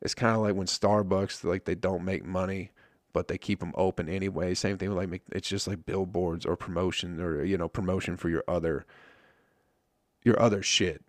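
A man's voice: deep voice, steady tone, moderate pace, no room sound, studio quality. A young man hosting a podcast, rambling in casual chat with lots of swearing and wry self-mockery. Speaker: podcast host. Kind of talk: casual solo podcast rant.

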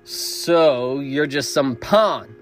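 A man's voice: medium pitch, lively intonation, very slow, soft background music, pitched above the performer's own voice. A man voicing a coarse, menacing sheriff who mocks and growls. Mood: mocking menacing. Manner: mocking, growling, crude.

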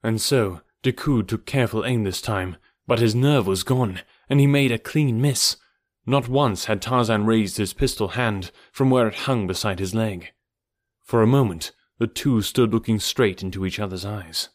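A man narrating an adventure novel as an audiobook in a steady, measured storytelling manner. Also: on the low side, dry recording.

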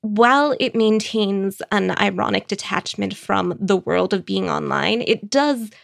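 A woman recommending books in a casual, wry, conversational way, with quick asides. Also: medium pitch, creaky, dry recording, studio quality. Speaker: book critic.

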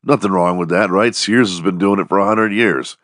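A man's voice: low voice, brisk, no echo, studio quality. A man, hosting a casual, profane monologue podcast with a strained, worn-out voice. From Texas. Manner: profane, jokey, animated storytelling. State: strained, losing his voice. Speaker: podcast host.

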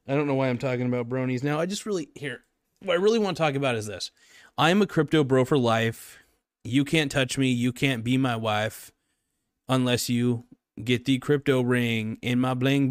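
A man's voice: medium pitch, dry recording. Young man, podcast host, rambling jokey chat, dry close sound. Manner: rambling and jokey, self-mocking. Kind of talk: casual solo podcast chat.

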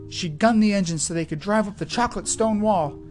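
A woman narrating children's stories in an expressive, lively reading. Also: mid-range voice, brisk, soft background music. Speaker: storyteller. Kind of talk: scripted storybook narration.

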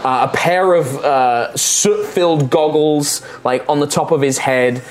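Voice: mid-range voice, unhurried. A game master narrating a tabletop game in a loose, giggly way with lots of fillers.

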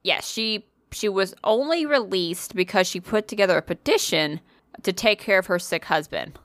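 A woman's voice: mid-range voice, moderate pace, a bit bright, no echo, studio quality. A woman co-hosting a podcast, telling a story in casual chat, swearing freely, laughing often and poking fun at herself. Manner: profane, laughs often, self-deprecating. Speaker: podcast co-host.

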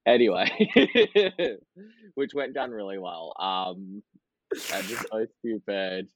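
A fairly low-pitched man talks through a podcast interview, loose and chatty, laughing often and scattering fillers. The sound is dry and a bit dull. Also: animated, takes it slowly, no room sound. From Australia. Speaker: podcast guest, drag performer. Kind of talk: casual interview chat.

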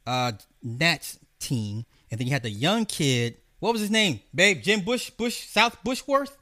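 A man's voice: a little high, fairly bright tone, dry recording, clean studio sound. Profane, rambling man with a raised voice. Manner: profane, rambling, talks straight to viewers. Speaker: streamer reviewing a film. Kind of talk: casual opinionated film rant.

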